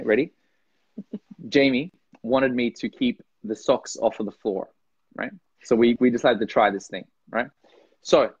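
A man from Norway, a guest on a podcast, talks in a loose, animated way. He jumps up into playful voices when he acts things out. The recording is dry and close, with a slightly dull, lo-fi sound. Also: medium pitch, breathy edge, dry recording. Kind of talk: casual conversation.

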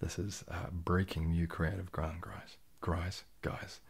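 Tipsy guy on a live stream, low husky voice, laid-back and jokey. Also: little pitch movement, slow. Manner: laid-back and jokey, drifting into soft whispers. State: tipsy from champagne. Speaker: ASMR channel host. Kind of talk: casual live-stream chat reading viewer comments.

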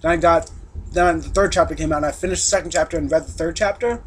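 A young man chatting casually, hesitant and halting, talking while eating. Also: on the high side, slight background noise. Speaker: vlog co-host. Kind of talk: casual chat.

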